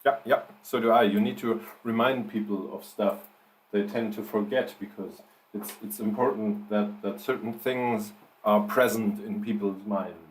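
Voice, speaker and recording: Man, slow pace, low-ish pitch, live writing stream, spoken punctuation, thinking aloud. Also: fairly even intonation, low-quality recording. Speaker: fiction writer streaming his writing.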